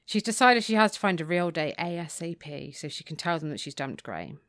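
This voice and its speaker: Low smooth-voiced woman co-hosting. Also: expressive, fairly quick, a bit bright, dry recording. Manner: reads quotes with dry, mock-dramatic relish, laughs often. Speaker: podcast co-host. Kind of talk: casual book discussion, reading passages aloud.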